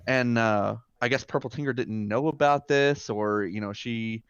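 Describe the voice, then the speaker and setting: A man's voice: mid-range voice, normal speed, clean tone, no echo, lo-fi sound. A man telling a long casual story as a talk show guest, rambling with lots of fillers and restarts.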